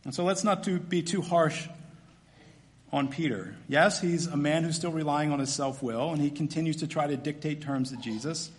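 High-voiced preacher in an echoey hall. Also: male voice, moderate pace. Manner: animated, swings from loud emphatic to quiet and soft. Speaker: pastor. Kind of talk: sermon. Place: church hall with long reverb.

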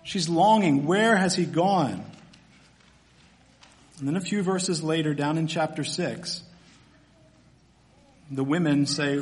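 A man's voice: fairly high pitch, slow pace, long pauses. A man, a pastor, preaching a sermon in a conversational, storytelling way with casual fillers.

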